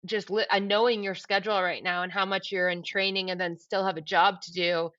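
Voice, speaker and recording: A woman's voice: mid-range voice, little pitch movement, fairly quick, fairly bright tone. A woman co-hosting a podcast, reflecting aloud and asking probing questions. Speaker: podcast co-host. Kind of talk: casual chat. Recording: dull lo-fi sound.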